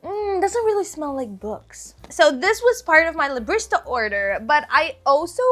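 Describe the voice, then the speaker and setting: A woman vlogging a casual book haul, bubbly and giggly, gushing with excitement. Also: sits high, normal speed, soft background music.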